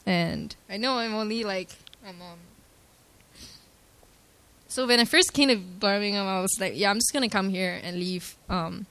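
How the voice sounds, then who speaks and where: Young woman, faith testimony, halting and filler-heavy, mid-range voice, dry close sound. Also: medium pitch, no room sound. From Malaysia. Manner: hesitant, full of "like" and "um" fillers; earnest and softly emotional. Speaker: church member giving her testimony.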